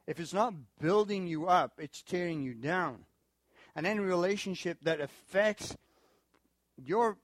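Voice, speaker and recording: A male pastor preaching a sermon in an animated way, with asides and laughs. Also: no room sound. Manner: animated, acts out quoted people in high voices. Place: church in Korea.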